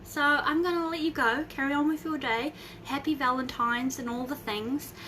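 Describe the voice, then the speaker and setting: Young woman, bright voice, casual live chat, rambling and excitable, faint background hum. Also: high-pitched, moderate pace, poor audio. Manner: bubbly, rambling, bursts into excited squeals. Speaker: host of a Facebook group live video.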